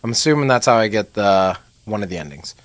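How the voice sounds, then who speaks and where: A man's voice: fairly low pitch, animated, quick pace, dry recording. A young man giving casual, joking commentary on a video game he is playing, talking to his viewers and swearing freely. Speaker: gaming video creator. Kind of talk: casual let's-play commentary.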